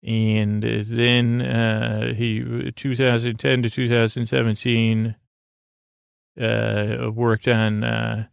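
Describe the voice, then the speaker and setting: A man hosting a bedtime podcast, recapping a story in a meandering, low-key way full of "uh" and "he goes". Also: monotone, slow pace, creaky, clear, resonant tone, no room sound. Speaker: podcast host. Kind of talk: rambling bedtime episode recap.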